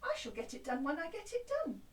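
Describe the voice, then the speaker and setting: Woman doing a calm, unhurried cobbler. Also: high voice, far from the mic. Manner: calm, unhurried, politely firm. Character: unhurried adult cobbler, calm, less bossy. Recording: roomy, from off mic.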